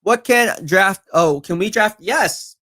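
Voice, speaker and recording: A man's voice: high voice, lively intonation, slow pace, sharp tone. A man live-streaming football talk, reading viewer comments and answering them in a confident, chatty way. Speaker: sports streamer.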